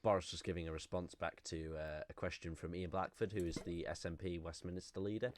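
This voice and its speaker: A man with a fairly low voice co-hosting a relaxed radio discussion about politics. He laughs his way through anecdotes and answers briefly when agreeing with his co-host. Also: brisk, slight background noise. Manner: laughs while telling stories, short agreeing replies. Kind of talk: casual political chat.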